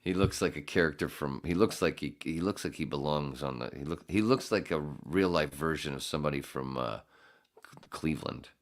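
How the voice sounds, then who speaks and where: A man's voice: extremely low pitch, fairly quick. A man hosting a podcast, telling a rambling, profane, self-mocking story full of restarts. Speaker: podcast host. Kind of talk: casual chat.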